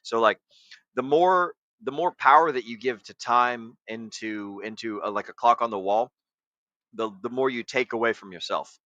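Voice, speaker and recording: A man's voice: mid-range voice, normal speed, sharp tone, no echo, dull audio. A man hosting a casual talk show, lecturing a guest in a coaching, profane way. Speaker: podcast host. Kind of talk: casual livestream chat.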